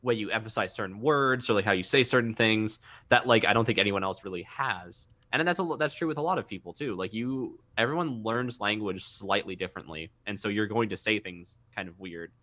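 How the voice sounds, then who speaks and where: A man's voice: on the low side, fairly quick, hardly any pauses, bright, forceful tone. A young man from Minnesota, a voice actor, chatting casually on a podcast, rambling with lots of filler words and restarts.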